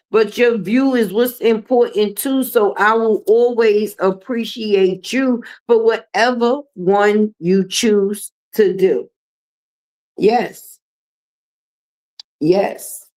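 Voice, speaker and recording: A woman's voice: mid-range voice, darkish tone. A middle-aged woman hosting a livestream, talking in a blunt, profane, sassy way as she comments and chats with viewers. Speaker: livestream host.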